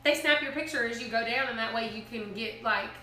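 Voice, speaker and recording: A woman's voice: a little high, fast talker, roomy sound, slight background noise. A woman telling a story in casual chat, laughing often and acting out what people said. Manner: animated storytelling, laughs often, acts out quotes.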